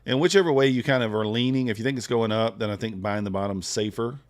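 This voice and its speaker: Trading futures during a live stream, a man thinks aloud and chats with his audience in an easygoing, casual way. His voice is lowish and he speaks fast.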